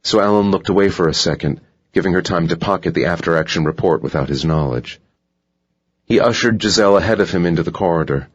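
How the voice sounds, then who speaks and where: A man narrating a thriller audiobook in a steady, measured reading. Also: low-pitched, slightly rough. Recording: dull lo-fi audiobook recording.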